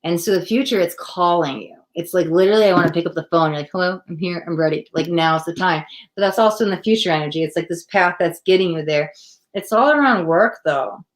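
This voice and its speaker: A woman hosting a live psychic tarot reading, talking straight to the viewer in a chatty, excitable way and often breaking off mid-sentence. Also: lowish voice. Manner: chatty, excitable, self-interrupting, addresses viewer directly. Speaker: psychic tarot reader, host.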